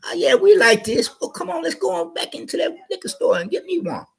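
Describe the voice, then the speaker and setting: Man doing a whiny high-voiced street buddy. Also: sing-song, a little fast, gravelly, exaggerated voice. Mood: whining. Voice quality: high, whining, pleading. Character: pushy streetwise male drinking buddy, whiny and needy.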